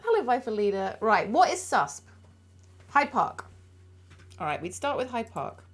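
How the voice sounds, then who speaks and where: A woman's voice: a little high, sing-song, a little slow, soft background music. A woman streaming a detective board game, chatting casually, thinking aloud and thanking viewers as she plays. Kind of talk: casual chat while playing a board game.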